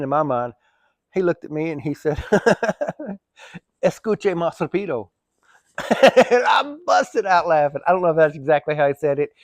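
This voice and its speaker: A man's voice: medium pitch, darkish tone, no room sound. A man who drives trucks, telling stories in a rambling, chatty way, swearing casually and laughing easily. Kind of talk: casual storytelling.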